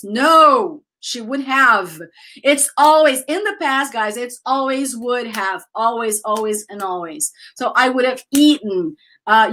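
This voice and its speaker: Slow-paced teacher, higher voice. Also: female voice, a bit bright. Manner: drills words slowly for repetition, chatty asides to students. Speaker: English teacher. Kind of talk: live online English lesson.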